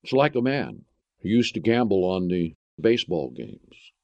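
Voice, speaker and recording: A man's voice: low-pitched, big pitch swings, normal speed, creaky, darkish tone, dry recording. Man preaching hard, lots of rhetorical questions, dull lo-fi recording. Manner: emphatic, full of rhetorical questions. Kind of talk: sermon.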